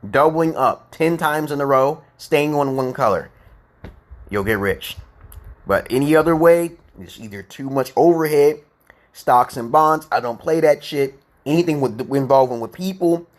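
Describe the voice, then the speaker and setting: A man hosting a casual live stream, lecturing and teaching English, often checking in with "okay?" and "correct?". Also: mid-range voice. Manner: lecturing, repeats himself, asks "correct?" and "okay?". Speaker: host of a live chat and English practice stream. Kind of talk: casual livestream chat and English lesson.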